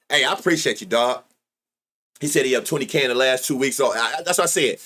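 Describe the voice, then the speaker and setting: A man hosting a sports betting livestream, chatting casually with loud excitable outbursts and heavy slang. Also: mid-range voice, fairly quick. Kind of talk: casual live-stream chat.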